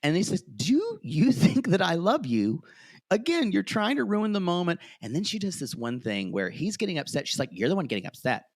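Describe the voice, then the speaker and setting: A high-pitched man co-hosts a casual podcast recapping a reality show, his voice swooping lively up and down as he retells scenes. He's animated, slipping into quick put-on voices to quote cast members, and the sound is close and dry with no echo.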